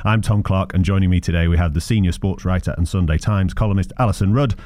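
A man's voice: sits low, fast, dark tone, no room sound, clean studio sound. A man hosting a football podcast, with wry, teasing banter. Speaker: podcast host. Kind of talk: casual football podcast chat.

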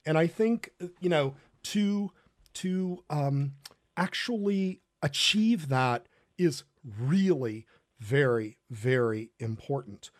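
Man, host, earnest, halting, slightly high voice, dry sound. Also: animated, no room sound. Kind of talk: casual faith talk show.

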